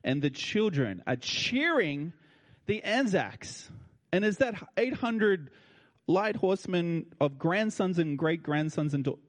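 A man's voice: high voice, animated, slow. An older man with an Australian accent telling a heartfelt personal story to an audience in a colloquial, emotional way. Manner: colloquial and heartfelt, with feeling in his voice. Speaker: speaker addressing an audience. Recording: long reverb of a large hall.

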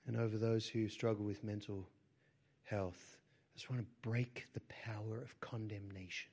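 A pastor leading healing prayer, speaking softly and often sinking into a whisper, then rising into firm declarations. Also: male voice, lowish voice, steady tone, moderate pace. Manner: soft prayerful delivery, often dropping to a whisper; rises to forceful declarations. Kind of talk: prayer ministry sermon.

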